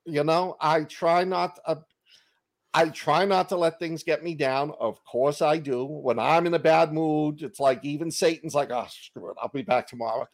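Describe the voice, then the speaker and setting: In a casual interview over video from his home desk, a man with a Boston accent, an author, trades jokey stories at his own expense and laughs at himself. His fairly high voice keeps a fairly even intonation and an unhurried pace.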